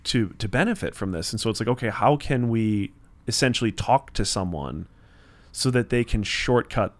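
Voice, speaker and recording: A man's voice: lowish voice, expressive, moderate pace. A man co-hosting a podcast in casual conversation, rambling and acting out his own inner voice, with some swearing. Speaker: podcast co-host.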